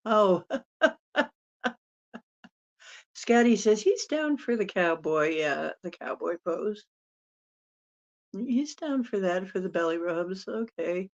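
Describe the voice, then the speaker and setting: Slow-talking woman hosting a live stream. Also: medium pitch, animated. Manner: rambling, chatty, laughs often. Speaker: spiritual channeler hosting a live Q&A. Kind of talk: casual live-stream chat. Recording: dull lo-fi sound.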